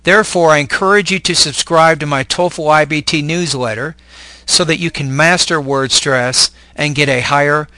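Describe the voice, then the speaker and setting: A man teaching English word stress in clear, deliberate scripted narration. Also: fairly high pitch, fairly even intonation, sharp tone, no room sound.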